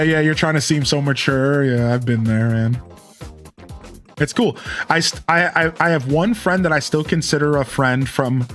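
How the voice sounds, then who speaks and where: A man in his thirties chats casually on his live game stream. He tells candid, rambling stories with many restarts, in a middle-pitched voice. Quiet game music plays underneath him. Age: 30s. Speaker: live streamer and show host. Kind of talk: casual chat while playing a game on stream.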